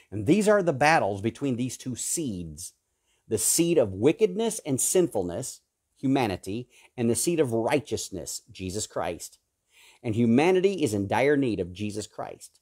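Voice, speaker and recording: A man preaching a sermon, fervent and emphatic, swinging between loud peaks and low hushed stretches, repeating and listing words for emphasis. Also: expressive, normal speed, husky. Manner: repetitive, emphatic lists.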